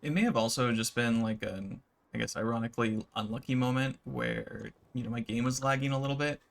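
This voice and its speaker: Gravelly-voiced man talking through a game. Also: medium pitch, fairly quick. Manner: relaxed, rambling, many fillers. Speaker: gaming YouTuber. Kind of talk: casual gameplay commentary.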